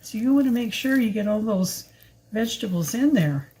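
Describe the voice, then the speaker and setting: A woman's voice: fairly high pitch, expressive, moderate pace, warm tone, rough recording. An older woman chatting her way through a home cooking demonstration in her kitchen, talking while she kneads the mix by hand, rambling with fillers and asides. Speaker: home cook filming a recipe video.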